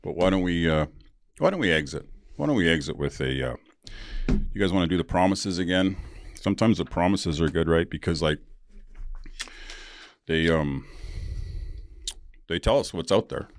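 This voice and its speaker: A man's voice: deep voice, expressive, normal speed, long pauses. A middle-aged man hosting a podcast, telling a story casually with frequent laughs and fillers, then reading aloud to listeners. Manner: laid-back, laughs often, many fillers. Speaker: podcast host.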